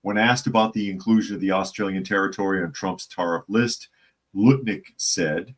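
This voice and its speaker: A man's voice: low-pitched, steady tone, moderate pace. A man hosting a casual news commentary stream, reading articles aloud and greeting live chat viewers in a conversational way. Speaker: host.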